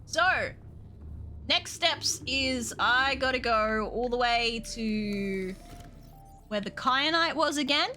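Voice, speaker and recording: A woman's voice: a little high, slow pace, pushed and bright, soft background music. A woman streaming a video game, chatting casually with viewers, swearing freely and laughing often. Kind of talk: casual gameplay stream chat.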